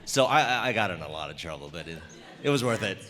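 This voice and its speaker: A man's voice: low voice, sing-song, quick pace, a crowd in the background. A man in his forties on a convention panel, easygoing and rambling as he tells a story, recorded in an echoey convention hall. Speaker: voice actor panelist.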